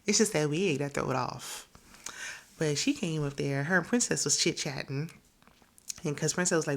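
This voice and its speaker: A woman's voice: sits low, moderate pace, gravelly. A woman hosting a reality TV recap, chatting casually and gossiping with frequent laughs. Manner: gossipy, animated, laughs often, quotes people in voices.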